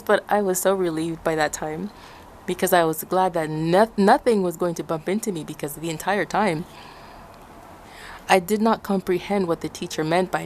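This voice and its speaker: A woman vlogger from Ecuador casually tells her viewers a story at a moderate pace, with a faint hiss or hum in the background. She is animated, acting out what people said in high shouts and laughing often.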